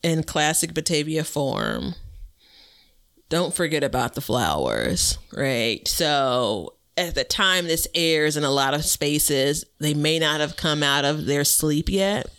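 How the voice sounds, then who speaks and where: A man's voice: fairly high pitch, expressive, takes it slowly, a bit bright, smooth. A man co-hosting a gardening podcast, sharing tips in an upbeat, friendly way. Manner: upbeat, friendly, tip-giving. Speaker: podcast co-host. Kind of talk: casual chat about gardening.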